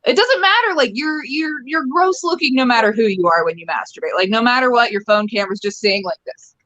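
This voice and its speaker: Young woman doing goofy standup from her phone at home, kinda high voice, keeps giggling at her own jokes. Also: lively intonation, a little fast, a bit bright, rough recording. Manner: giggly, rambling, self-amused. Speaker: stand-up comic. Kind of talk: casual stand-up riffing.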